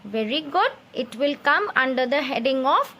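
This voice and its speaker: A woman with an Indian English accent teaches young children, her voice set high. She speaks patiently, spells each word letter by letter and checks that the class is following with questions. She has the steady manner of a classroom teacher. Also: moderate pace.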